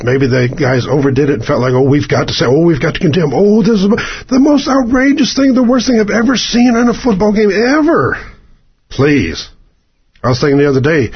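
A man's voice: medium pitch, slightly rough. A man delivering a rambling, sarcastic opinion monologue as a radio commentator, drifting between asides. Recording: dull lo-fi radio broadcast.

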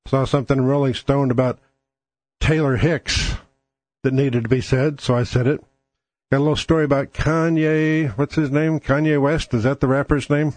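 Male podcast host, mid pitch, crude and sardonic, dry close-miked studio sound. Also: steady tone, normal speed, a little mellow, dry recording. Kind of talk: casual monologue.

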